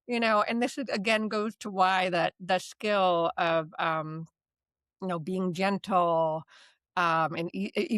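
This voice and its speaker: A woman's voice: medium pitch, fairly bright tone, no echo. A woman hosting a talk about therapy skills. She teaches in a casual, chatty way, keeps asking "right?", and laughs lightly as she talks. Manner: laughs lightly mid-sentence. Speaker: DBT course instructor and podcast host.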